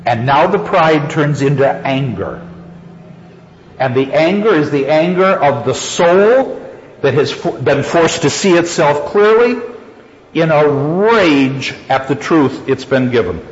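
A man lecturing on literature and reading passages aloud, reflective and stressing phrases slowly. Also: on the high side, expressive. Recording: echoey hall, dull lo-fi sound.

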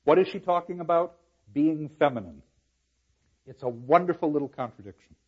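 A man's voice: on the high side, moderate pace, slightly rough, muffled recording. A man giving a university lecture on a play, explaining verse and reading lines aloud with dramatic emphasis. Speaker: literature lecturer.

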